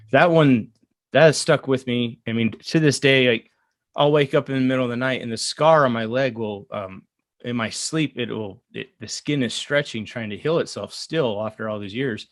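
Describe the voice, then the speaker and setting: A man in his thirties telling a personal story in an earnest, halting way, with many fillers and restarts. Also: medium pitch, no echo. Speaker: guest. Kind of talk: casual storytelling.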